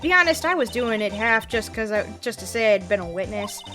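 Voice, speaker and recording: A woman's voice: medium pitch, animated, a little fast, pushed and bright, faint music behind. A woman voicing a brash young southern woman photographer with a put-on Southern accent, drawling and folksy while reading game dialogue. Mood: apologetic. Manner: drawling, folksy, wheeling-dealing. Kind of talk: reading a game's dialogue aloud.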